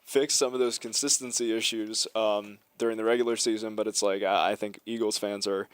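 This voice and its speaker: A man's voice: on the low side, fairly even intonation, a little fast, clean tone, dry recording. A man co-hosting a sports podcast in a college radio studio, easygoing, hedging his opinions and laughing often. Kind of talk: casual sports talk.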